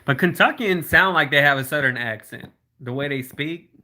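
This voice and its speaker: A man's voice: fairly high pitch, pushed and bright. A man hosting a casual livestream, reading out viewer comments and answering them in a chatty way. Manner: slows down to spell out links. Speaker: livestream host.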